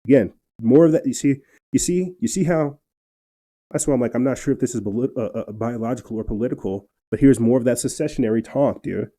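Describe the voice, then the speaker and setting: Guy ranting on a political podcast, real dark tone, gets worked up, stumbles over words. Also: medium pitch, brisk. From New Mexico, USA. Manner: fired-up, repetitive restarts. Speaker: podcast host. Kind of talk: political commentary, reading articles aloud.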